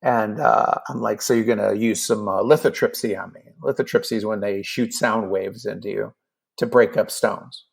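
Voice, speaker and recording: A man's voice: fairly low pitch, moderate pace, creaky, slightly rough. A man in his fifties telling a personal story in casual talk, acting out the dialogue with lots of fillers. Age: 50s. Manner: animated, acts out dialogue with many fillers. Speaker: podcast guest.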